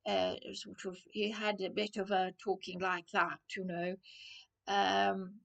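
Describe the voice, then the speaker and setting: A middle-aged woman ranting to camera at an unhurried, drawn-out pace. She stumbles, restarts her sentences and drops her voice to hushed asides, with a middle-pitched voice. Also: level tone, gravelly. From England. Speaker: vlogger. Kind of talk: rambling rant to camera.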